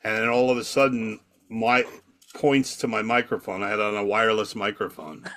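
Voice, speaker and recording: A comedy magician chatting casually, telling a backstage story and acting out the dialogue. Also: male voice, fairly low pitch. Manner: quick, lively storytelling that acts out dialogue. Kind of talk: casual chat, telling stories.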